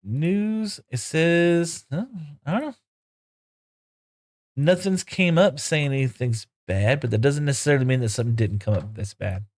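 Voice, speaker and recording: A man's voice: fairly high pitch, normal speed, a little mellow. Guy streaming a game, rambling to chat and sweet-talking his horses. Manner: rambling, talks to viewers and to game horses in broken baby talk. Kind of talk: casual live game commentary.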